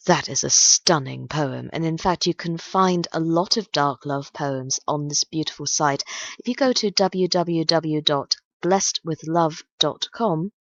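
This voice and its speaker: Slow-talking woman radio host. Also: low-pitched, no echo. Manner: slow, dramatic reading with chatty asides. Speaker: radio request show host. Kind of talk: casual radio chat and poem reading. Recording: dull, lo-fi and dry.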